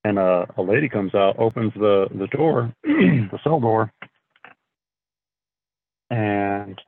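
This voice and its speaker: A man telling his story as a podcast guest, in a halting, casual way, often clearing his throat and filling gaps with fillers. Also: lowish voice, expressive. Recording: thin phone-like sound, dry.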